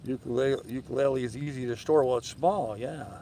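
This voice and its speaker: A man's voice: medium pitch, fairly quick, dark tone, slight background noise, poor audio. An older man hosting a live sailing stream from his moored boat, reading viewer comments aloud and answering them in an easygoing, rambling way with many fillers. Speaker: sailing vlog host. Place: aboard a moored sailboat in a harbor, outdoors at evening.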